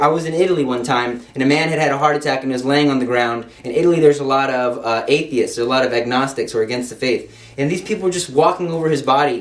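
A young man giving an informal Catholic devotional talk in an emphatic, repetitive way, with playful asides. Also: medium pitch. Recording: echoey room, speaker off-mic.

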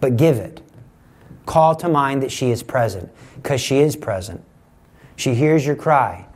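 A middle-aged man giving a conversational sermon, teaching with lively examples and acted-out quotes. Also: medium pitch. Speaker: preacher.

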